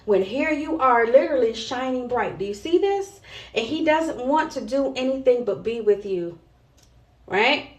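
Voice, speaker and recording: Blunt, foul-mouthed woman vlogger, high voice. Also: lively intonation, a little slow. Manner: blunt and heavily profane; emphatic, with preachy asides to viewers. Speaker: vlog host. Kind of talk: unscripted monologue to camera. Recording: roomy echo.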